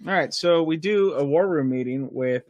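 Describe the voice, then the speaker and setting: A man's voice: on the high side, moderate pace, darkish tone, dry recording, highs cut off. A man co-hosting a podcast, chatting casually and a bit skeptically about a TV episode, sometimes stumbling over his words. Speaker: podcast co-host. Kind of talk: casual chat recapping a TV episode.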